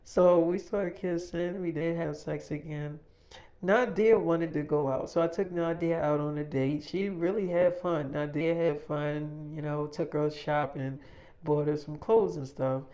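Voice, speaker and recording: A man's voice: fairly high pitch, steady tone, a little slow, dark tone. Rambling male freestyle storyteller. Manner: loose, rambling, full of fillers and restarts.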